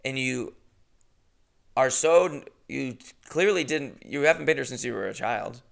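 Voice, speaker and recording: A young man hosting a podcast, telling a comedic story in a rambling, profane, animated way. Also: mid-range voice, measured pace, vocal fry. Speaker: podcast host.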